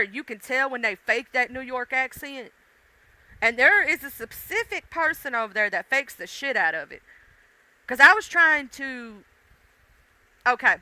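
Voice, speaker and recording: Woman livestream host, chatty and teasing, smooth voice. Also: on the high side, pushed and bright, dry recording, rough recording. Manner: chatty, laughing, teasing viewers by name. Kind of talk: casual chat with live viewers.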